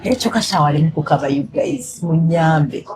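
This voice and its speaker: A woman's voice: low-pitched, lively intonation, a little fast, a crowd in the background. A woman hosting a casual chat, switching between English and Luganda, teasing and then apologetic. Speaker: host.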